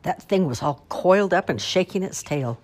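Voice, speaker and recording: A woman's voice: lowish voice, expressive, normal speed, darkish tone, voice pushed up. A woman voicing a spry elderly great-aunt telling a tall tale in a folksy, emphatic way. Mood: dramatic.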